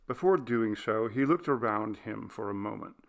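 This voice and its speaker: A man reading a ghost story aloud in a measured, deliberate narration. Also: fairly low pitch, expressive, gravelly. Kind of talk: scripted audiobook narration.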